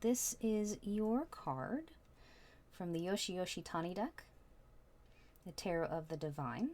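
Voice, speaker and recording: Chatty lady doing a tarot read, lowish voice, kinda rambly. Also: lively intonation, a little slow, long pauses, darkish tone. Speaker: tarot reader. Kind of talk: casual tarot reading.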